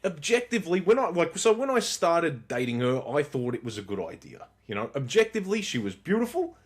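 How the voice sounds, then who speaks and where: A man's voice: fairly high pitch, brisk. A man, co-hosting a podcast and telling stories in casual chat, swearing freely. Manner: animated storyteller, swears freely. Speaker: podcast co-host.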